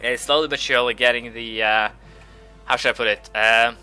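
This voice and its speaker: A man with a very bright, sharp voice talks through a strategy game, halting often with fillers and restarts while fighting the hiccups. His pitch sits in an ordinary middle range, and faint game music plays softly behind him. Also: steady tone, clean tone. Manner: rambling, hesitant, many fillers and restarts. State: has the hiccups. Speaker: let's-play host. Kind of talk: gameplay commentary.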